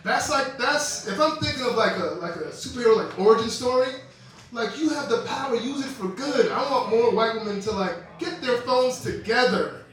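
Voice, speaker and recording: A man's voice: very high voice, normal speed, very echoey, far from the mic, noisy background. A young man performing a stand-up comedy set, telling stories with quoted voices and laughing asides on a club stage.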